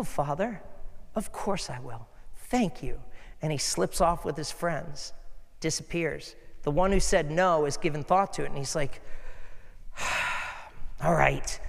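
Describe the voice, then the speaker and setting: A man's voice: a little high, creaky. A middle-aged man preaching a sermon as a pastor, telling stories in an earnest, conversational way. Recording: echoey hall.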